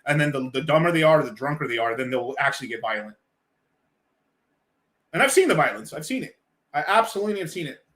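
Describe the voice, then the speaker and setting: A man with a bright, slightly raised voice rambles through an off-the-cuff reaction, laughing and cursing freely. His talk is loose, full of restarts and asides. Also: on the high side, lively intonation, fast, long pauses. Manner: loose, rambling, laughs often, swears a lot. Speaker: stream host reacting to a clip. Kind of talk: casual profane reaction commentary.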